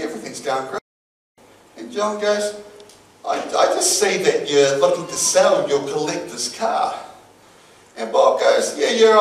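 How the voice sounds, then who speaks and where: A man preaching a sermon and telling a story with acted-out voices. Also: a little high. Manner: storytelling, acts out voices in an anecdote. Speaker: pastor. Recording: echoey hall from far off.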